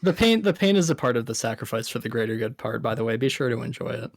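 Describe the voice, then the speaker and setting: A man's voice: medium pitch, lively intonation, fast, vocal fry, no room sound. A man playing a drunk, sleepy male medic guard in a tabletop game, stammering and repeating words. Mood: mocking. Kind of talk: tabletop role-play in character.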